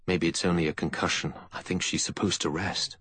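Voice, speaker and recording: A man's voice: sits low, fairly even intonation, brisk, pushed and bright, slightly rough, dry recording, heavily acted. A man doing a worried, cautious man. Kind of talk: audiobook character voice.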